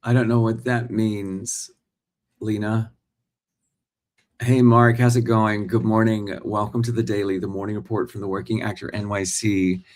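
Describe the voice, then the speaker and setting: His delivery is flat and moderately paced, with a fairly low pitch. This forties-aged working actor hosts a casual morning livestream, talking directly to his audience and reading their comments out.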